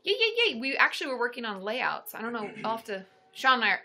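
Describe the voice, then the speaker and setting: A young woman, a therapist hosting a casual livestream, chatting brightly and answering viewer questions. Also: on the high side, quick pace, vocal fry.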